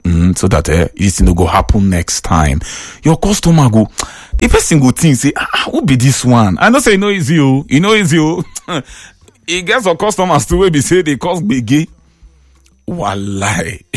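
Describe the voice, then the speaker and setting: Heard in a dry recording, this man's voice is a little high. He has a Nigerian accent and runs a chatty radio call-in show, telling stories animatedly with frequent laughter and switching between Pidgin and English.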